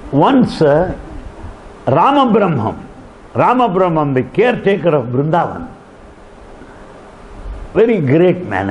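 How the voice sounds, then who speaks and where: A man's voice: a little high, a little hiss or hum. A man giving a devotional discourse, telling stories with emphatic repetition. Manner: animated storytelling with emphatic repetition. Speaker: spiritual speaker. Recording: dull lo-fi recording.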